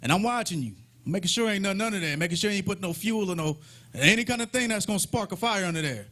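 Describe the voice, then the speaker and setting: A man's voice: high voice, animated, fast, bright, forceful tone. A man leading a live Bible study, retelling scripture in a folksy, humorous way with playful mockery.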